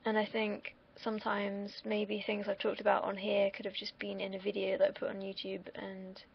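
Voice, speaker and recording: A woman's voice: mid-range voice, completely flat delivery, normal speed, gravelly, slightly rough, highs cut off. A young woman from the UK, vlogging in a casual, rambling monologue that wanders off on tangents, with the odd swear word. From United Kingdom.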